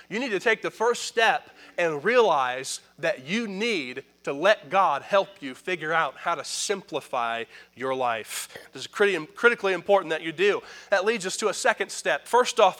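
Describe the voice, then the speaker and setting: Man, pastor, sermon, high voice, bright tone, emphatic, calls to the congregation. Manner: emphatic preaching that swings from quick asides to loud pronouncements; addresses the congregation directly and calls for responses.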